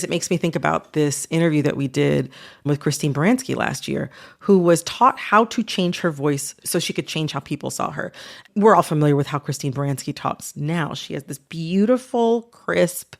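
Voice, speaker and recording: Chatty woman podcast host with a lowish, gravelly voice. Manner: chatty, frequent "like" and "you know". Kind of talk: conversational interview.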